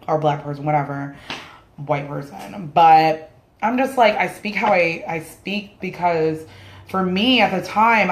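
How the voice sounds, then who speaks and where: A woman whose first language is Spanish, ranting her opinions to camera in a blunt, casual way and swearing freely. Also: sits low. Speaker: vlogger. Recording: roomy echoey room sound.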